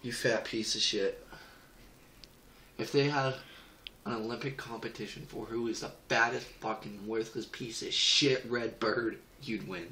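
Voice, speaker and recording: A man's voice: fairly low pitch, steady tone, moderate pace, pushed and bright. A man raging and cursing at a mobile game in a home video, filmed on a phone by a partner. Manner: furious, swears nonstop at the game. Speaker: gamer reacting to a mobile game. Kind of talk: casual home video rant. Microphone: phone camera held by someone else. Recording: echoey room, noisy phone recording.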